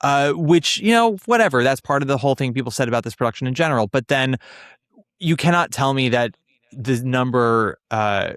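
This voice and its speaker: A man's voice: medium pitch, a little fast, no echo, studio quality. A man hosting a podcast, chatting casually and with strong opinions about theater. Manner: opinionated, animated, trails off and restarts. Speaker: podcast host.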